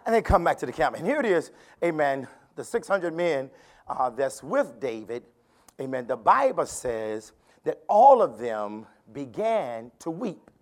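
Man, bishop, church sermon, call-and-response, sweeping animated pitch, rising to shouts. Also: a little slow. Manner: repeats phrases, tells listeners to turn to neighbor. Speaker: bishop preaching. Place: church anniversary service.

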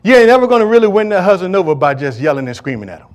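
A male pastor delivering a sermon to a congregation, joking and asking the listeners to fill in words, swinging between loud declarations and low asides. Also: sing-song, racing. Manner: call-and-response preaching, asks congregation to fill in words. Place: church service before a congregation.

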